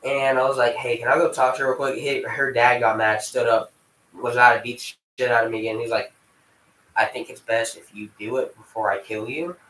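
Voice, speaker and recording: A young man spins a loose, rambling story from his home, cursing often and stopping to scold his dog. His voice sits at a middle pitch. The room around him rings with a noticeable echo. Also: little pitch movement, a little fast, a bit bright, recorded from a distance. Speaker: vlogger. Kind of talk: casual storytelling. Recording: echoey room.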